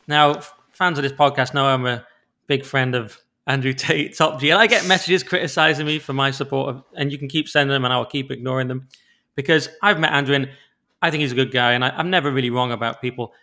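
A man co-hosts a casual podcast chat. He talks fast, with a bright, forward tone. His delivery is animated and opinionated, full of quick restarts. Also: medium pitch. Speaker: podcast co-host.

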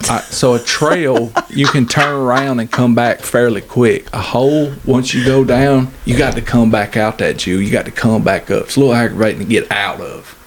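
A man's voice: medium pitch, steady tone, slight background noise. A man co-hosting a podcast, teasing and joking in casual banter. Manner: joking, teasing, drawn-out storytelling. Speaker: podcast co-host.

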